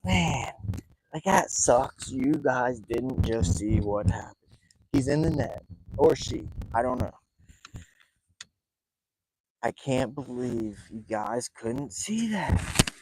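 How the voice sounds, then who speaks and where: A man live-streaming a night fishing trip from a small boat, talking in an excited, rambling way and breathing heavily. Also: mid-range voice, takes it slowly, long pauses, a little hiss or hum, rough recording. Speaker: fishing vlogger. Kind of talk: live outdoor fishing vlog.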